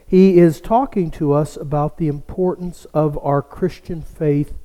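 A male pastor preaching a sermon, telling a story slowly and dropping to a hush for emphasis. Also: on the high side, fairly even intonation, big-room sound. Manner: slow, storytelling delivery that drops to a hush for emphasis.

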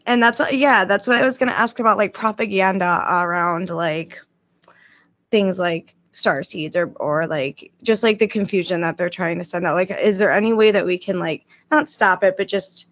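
A woman's voice: mid-range voice, moderate pace, fairly bright tone, muffled recording. Rambling young woman podcast host. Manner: rambling, filler-heavy, upbeat. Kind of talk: casual podcast chat.

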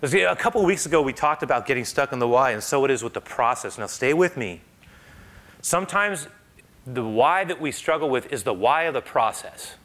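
Male pastor, bright and forceful, conversational sermon delivery. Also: mid-range voice, fairly quick. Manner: conversational, animated storytelling with frequent "right?".

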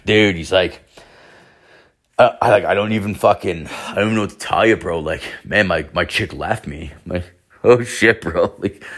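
A young man with a low voice tells a long, swear-filled story in a loose, rambling way. He keeps saying "like" and acts out what his friends said, all in a casual monologue. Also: fairly bright tone. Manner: profane, rambling, heavy filler words. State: hungover.

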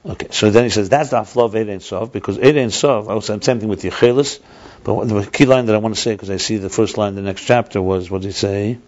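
A man's voice: lowish voice, steady tone, fast talker, a little mellow. A man teaching a text class, reading passages aloud and explaining them step by step, often repeating himself. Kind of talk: text study lesson. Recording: dull lo-fi recording.

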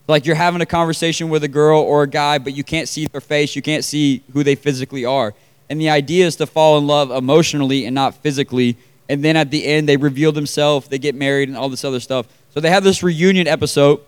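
A man's voice: a little high, clean tone. A young man preaching a casual, conversational sermon to a room of about forty people, with lots of fillers and questions put to the crowd.

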